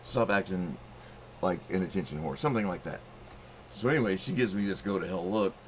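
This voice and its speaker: A middle-aged man with a low voice spins a long, profane story in a loose, rambling monologue. He often jumps into a louder voice to act out what others said. A faint ambient hum sits behind him. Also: brisk. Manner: profane, rambling, acts out quotes in raised voice. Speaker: channel host telling a story.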